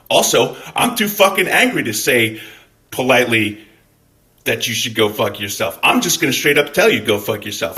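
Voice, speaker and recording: Fired up and cursing heavily, a channel host from Scotland vents bluntly in an angry vlog. He has a mid-range voice that comes across pushed and bright.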